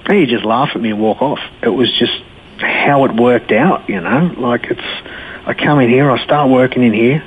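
A middle-aged man telling his life story to an interviewer, blunt and animated, acting out the people he quotes. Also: mid-range voice, moderate pace, slightly rough. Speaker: guest. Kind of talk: personal testimony in an interview. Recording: tinny phone-line sound.

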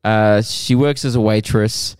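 A man co-hosting a podcast, reading listener messages aloud in a relaxed way with sighs and laughs. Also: fairly low pitch, a little slow, clean tone, no room sound, studio quality. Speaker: podcast co-host.

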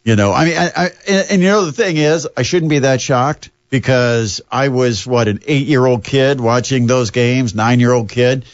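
A man's voice: medium pitch, moderate pace, few pauses, no echo. Older guy hosting sports talk radio, rambly and self-deprecating, kinda dull dry audio.

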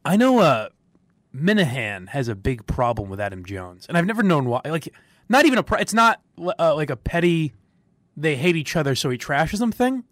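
A man's voice: fairly high pitch, moderate pace, no echo. A man hosting a sports radio podcast, chatting casually with strong opinions, rambling and laughing often. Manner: rambling, animated, laughs often, restarts sentences.

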